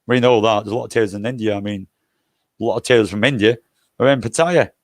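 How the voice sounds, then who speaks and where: Older man, gravelly voice, dry close sound, casual swearing storyteller. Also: on the low side, fast, no echo. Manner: swears freely, loose and jokey. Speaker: livestream host. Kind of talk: casual rambling anecdotes.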